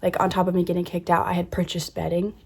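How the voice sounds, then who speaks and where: A woman's voice: fairly low pitch, completely flat delivery, quick pace, creaky, a little mellow, breathy edge. A young woman in her twenties telling a personal story, candid and emotional and swearing freely. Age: 20s. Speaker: vlogger.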